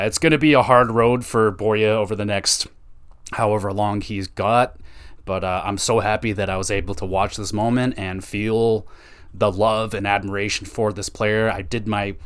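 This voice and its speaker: A man's voice: on the low side, clear, resonant tone. A man hosting a casual hockey podcast, talking loosely with lots of swearing and fillers. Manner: loose and profane, with frequent fillers. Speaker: podcast host.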